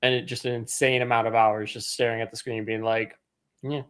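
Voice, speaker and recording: A man who is an author guest on a podcast, rambling and thinking out loud in casual chat. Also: medium pitch, little pitch movement, fairly quick, clean tone.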